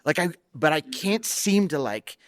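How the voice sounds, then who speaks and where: A man in his forties hosting a podcast, speaking in an animated, personal storytelling way in casual conversation. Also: fairly high pitch, measured pace, no room sound, studio quality. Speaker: podcast host.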